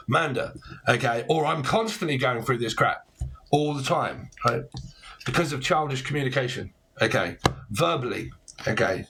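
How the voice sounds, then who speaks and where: A man's voice: medium pitch, normal speed, bright, forceful tone, slight background noise. A man giving a casual tarot reading, talking bluntly and rambling, with plenty of swearing and slang. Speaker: tarot reader.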